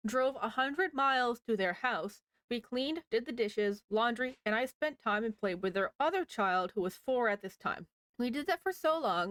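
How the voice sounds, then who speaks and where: A woman's voice: a little high, a bit bright, no echo. A woman reading online posts aloud in a casual way, with wry asides to the listener.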